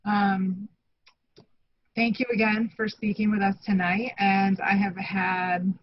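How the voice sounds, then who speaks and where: Woman chairing a meeting, flat and halting. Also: medium pitch, highs cut off, a little hiss or hum. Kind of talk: thanking the speaker.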